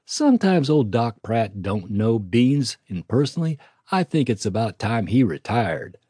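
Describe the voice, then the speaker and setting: A man's voice: mid-range voice, sing-song, unhurried, mellow, breathy edge, no room sound, studio quality. A man voicing a kind, blunt older woman nurse on the frontier, folksy and plain-spoken, in a storybook reading.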